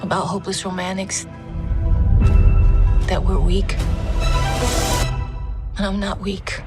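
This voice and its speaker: A woman voicing a wistful self-described hopeless romantic in a film trailer, speaking in a soft, confiding voice-over that drifts into a whisper. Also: mid-range voice, flat delivery, slow, natural voice. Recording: film trailer audio with loud music. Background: loud music.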